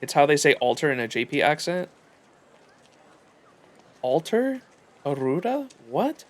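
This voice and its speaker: A man's voice: fairly high pitch, big pitch swings, unhurried. A man streaming a game live, reacting casually and thinking aloud, with loose swearing and stumbling restarts. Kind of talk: live gameplay commentary.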